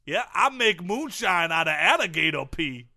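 A man playing a swamp tour guide in a comedy sketch, with a high, bright voice and a thick put-on Cajun drawl. He rambles with folksy bravado. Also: big pitch swings, moderate pace, vocal fry, heavily acted. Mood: rambling. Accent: put-on Cajun (Louisiana). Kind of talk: improvised sports-radio comedy bit.

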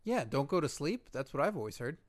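A woman's voice: low-pitched, big pitch swings, brisk. A woman co-hosting a comedy podcast, chatting casually in a dry, teasing way. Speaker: podcast co-host.

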